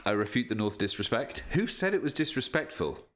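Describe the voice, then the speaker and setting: A man's voice: mid-range voice, big pitch swings, fairly quick, fairly bright tone. A man hosting a casual live stream from his room, chatting with viewers, reading out their messages and joking at his own expense. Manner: chatty, jokey, reads chat aloud, self-deprecating. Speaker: voice actor streaming a signing. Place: home room with lamps and streaming setup.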